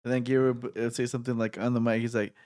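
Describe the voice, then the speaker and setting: A man's voice: mid-range voice, flat delivery, racing, a little mellow. A man hosting a podcast, reminiscing in laid-back, profane casual chat. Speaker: podcast host.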